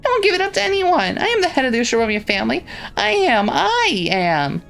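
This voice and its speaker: A performer voicing a timid, squeaky-voiced girl who has just become head of her family, reading a visual novel aloud in character. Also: sing-song, brisk, creaky, a bit bright, soft background music, exaggerated voice. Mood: possessive. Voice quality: squeaky, childlike.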